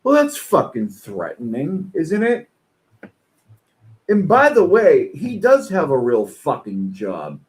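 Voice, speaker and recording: Swearing man, slow delivery, lively swooping pitch, angry rant. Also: low-quality recording. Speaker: streamer reacting to online posts. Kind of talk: profane reaction commentary.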